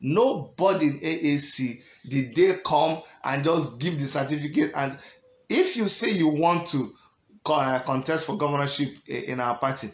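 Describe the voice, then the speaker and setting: Speaking with lively intonation at a moderate pace, this slightly high-voiced Nigerian political party member, middle-aged and accented, delivers a forceful vlog rant. He flips between Pidgin and English, laughs frequently, and the room echoes.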